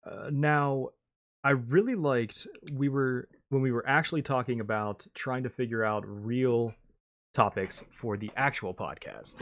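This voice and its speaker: A man co-hosting a podcast, talking casually and thinking out loud as he plans segments. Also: mid-range voice, unhurried. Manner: plans aloud with many fillers and restarts. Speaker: podcast co-host. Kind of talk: casual chat.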